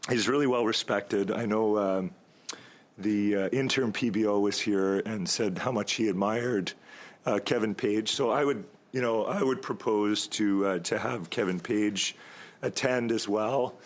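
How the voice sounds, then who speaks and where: A man speaking as a member of parliament at a committee, delivering a long, halting floor speech with many pauses and a slightly hoarse voice, at times jabbing at his opponents. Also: fairly low pitch. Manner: rambling, halting, stalling for time; argumentative toward opponents.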